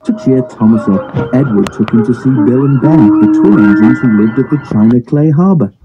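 A man narrating a children's railway story in a steady, measured reading, recorded on an old phone. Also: medium pitch, muffled recording. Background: music.

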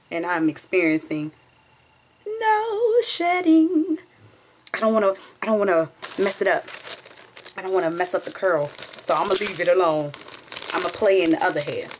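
Young woman, Southern accent, bubbly, casual vlog, phone recording, noisy background, packaging crinkles. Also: lowish voice. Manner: chatty, bubbly and excitable, squeals with delight. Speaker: beauty vlogger. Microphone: phone camera.

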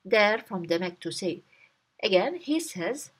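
A woman's voice: mid-range voice, big pitch swings, a little slow, a bit bright, husky. A woman teaching a language by reading a short story aloud and explaining each word and phrase. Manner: reads a line, then translates and breaks down each word.

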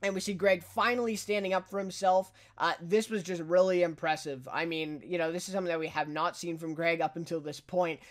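Chatty high-voiced young man recapping TV. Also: steady tone, a little fast, few pauses. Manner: chatty, filler-heavy, laughs while retelling scenes. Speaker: TV reviewer. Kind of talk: casual episode recap.

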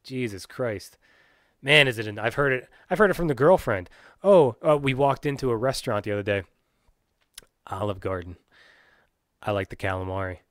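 A man's voice: medium pitch, expressive, normal speed, pauses often, fairly bright tone, no echo, clean studio sound. A man from Pennsylvania, hosting his own podcast and ranting in a profane, rambling way, full of restarts and fillers. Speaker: podcast host.

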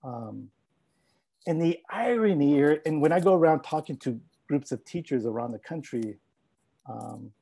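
Husky-voiced man telling a heartfelt story. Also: on the high side, expressive, moderate pace, dark tone, rough recording. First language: Spanish. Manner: reflective, heartfelt, mixing in Spanish phrases. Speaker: scholar and speaker. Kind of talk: personal storytelling talk.

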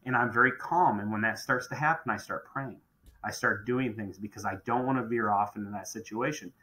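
With a fairly low pitch and a slightly fast pace, a middle-aged contracting business owner sounds pushed and bright on a rough recording. He talks emphatically in a podcast, repeating phrases whenever he restarts.

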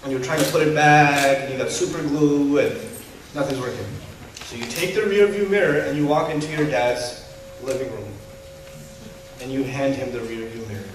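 A man preaching a sermon to parents, animated and humorous, acting out parents and kids. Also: medium pitch, moderate pace, a little hiss or hum. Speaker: Muslim preacher. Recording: roomy hall echo from a distance.

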